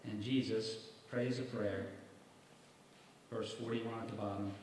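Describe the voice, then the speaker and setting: Lowish and darkish, this evangelist's voice holds a steady tone at a measured pace as he reads scripture and preaches. He stresses points emphatically with rhetorical questions to his listeners, and the far-off mic picks up a very echoey hall and faint noise.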